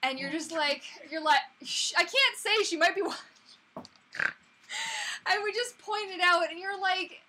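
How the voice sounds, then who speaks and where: Bright-voiced woman in her thirties chatting. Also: very high voice, animated, normal speed. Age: 30s. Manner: chatty and rambling, full of fillers and restarts. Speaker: livestream host answering viewer questions. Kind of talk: casual live Q&A chat.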